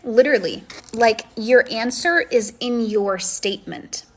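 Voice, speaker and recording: Speaking in an unhurried, fairly high voice, a woman responds to comments during a casual phone live stream. Her coaching chat is warm, effusive and encouraging.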